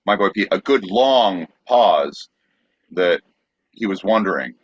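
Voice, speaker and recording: A lower-voiced man co-hosting a podcast, teasing his partner in playful banter. His pitch swings widely. The sound is dull, muffled and dry. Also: animated, takes it slowly, husky, no room sound. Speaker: podcast co-host. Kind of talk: casual banter.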